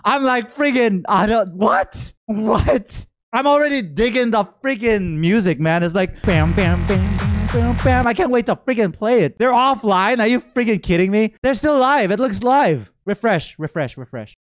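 Hyped young guy from the philippines yelling and cursing at a stream, high voice that jumps all over, faint music behind. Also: normal speed, few pauses. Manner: excitable, shouting, swearing, voice cracking. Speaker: streamer reacting to a game livestream. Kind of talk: excited live reaction commentary.

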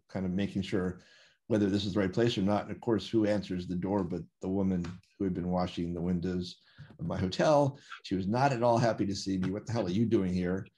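A man's voice: low-pitched, darkish tone. An American man telling long personal anecdotes as an interview guest over a video call, with many fillers and self-corrections. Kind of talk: storytelling in a conversation.

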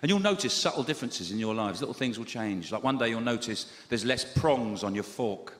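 A middle-aged English man doing deadpan, wry stand-up comedy in front of a live audience. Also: mid-range voice, fairly quick. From England. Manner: deadpan and wry, with lively swings in delivery. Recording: live hall with reverb and ambient noise.

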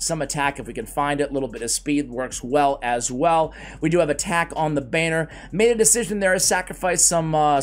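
A man giving casual, rambling commentary on a game character's build, with self-deprecating asides. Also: on the high side. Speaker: game guide creator.

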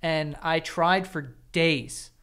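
A man's voice: a little high, drawn-out words, sharp tone, clear, resonant tone. A man co-hosting a casual podcast, chatting loosely, swearing now and then and chiming in with jokes. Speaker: podcast co-host. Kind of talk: casual chat.

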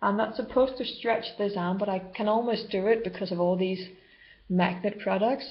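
A woman's voice: medium pitch, steady tone, normal speed. A woman vlogger talking unscripted to camera about spiritual healing, rambling and loosely structured. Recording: dull lo-fi home video sound.

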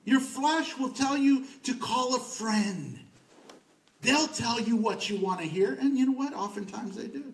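A male pastor delivers a sermon in a conversational but emphatic manner, often repeating a word for stress. His voice sits high for a man. He was recorded from a distance in a church sanctuary with plenty of echo. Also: measured pace, gravelly.

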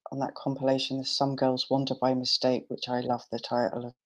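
A woman with a notably low voice talks as a guest author. She rambles with eager enthusiasm and drops casual slang into easy conversation. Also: monotone, a little fast, poor audio. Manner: enthusiastic, chatty, British slang. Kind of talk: casual chat.

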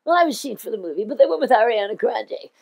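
A woman voicing a scatterbrained older showbiz diva in a comic impression, talking in an excitable, rambling, gushing way. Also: on the high side, fast talker, creaky. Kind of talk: comic celebrity impression monologue.

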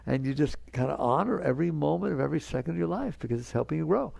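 A man's voice: fairly high pitch, lively intonation, racing, gravelly, a little mellow, slightly rough, dry recording. A man giving a spiritual talk to an audience, earnest and conversational, coaxing his listeners along. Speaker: spiritual teacher.

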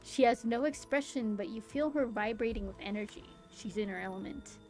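A young woman streamer reads a game's story aloud with theatrical flair, now and then breaking into giggly, amused asides. Her voice is on the high side, brisk and somewhat dark. The audio is poor, with faint music in the background.

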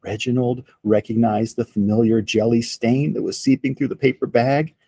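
A man reading a picture book aloud to children in an expressive storytelling voice. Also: medium pitch, slightly rough, no room sound. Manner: slow, expressive read-aloud.

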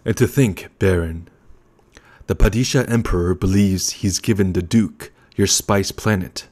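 A man's voice: low voice, a little slow, a little mellow. A man reading an audiobook, voicing a sly male assassin and adviser with a sweet, musical tenor and a mocking manner.

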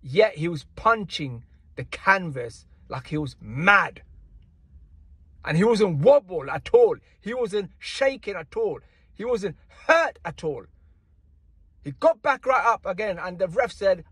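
A man with a high, husky voice rants in casual boxing commentary. He sounds indignant and slangy and keeps circling back to the same points. The sound is dry and close, with no room around it. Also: big pitch swings, slow, fairly bright tone, no echo.

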